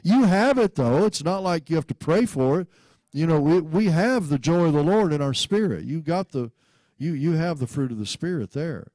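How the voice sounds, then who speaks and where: With no room sound, a man whose voice is on the high side and dark in tone preaches at a normal speed, his intonation lively. He frequently breaks into laughter and calls for the congregation to repeat after him. He stumbles over scripture, restarting and repeating words.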